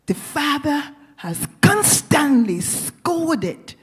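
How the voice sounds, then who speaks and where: High, husky-voiced woman pastor preaching. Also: big pitch swings, takes it slowly. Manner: earnest, storytelling, addresses the congregation directly. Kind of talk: sermon.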